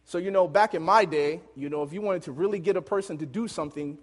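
Animated male preacher in a reverberant hall. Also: high-pitched, fast. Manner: animated, laughing storyteller. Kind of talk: storytelling sermon.

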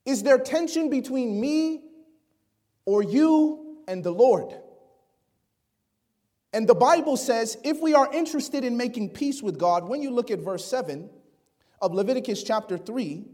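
High-voiced man preaching a sermon. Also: animated, measured pace, pauses often. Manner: drops to a hushed, near-whispered voice for emphasis; reads scripture aloud and asks the congregation questions.

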